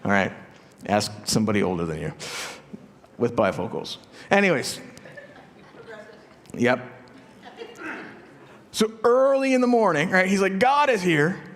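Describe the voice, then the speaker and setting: Joking conversational pastor in echoing church. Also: male voice, a little high, sing-song, a little slow, pauses often. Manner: conversational, joking asides, rhetorical questions. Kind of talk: sermon. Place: large church sanctuary. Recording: long church reverb.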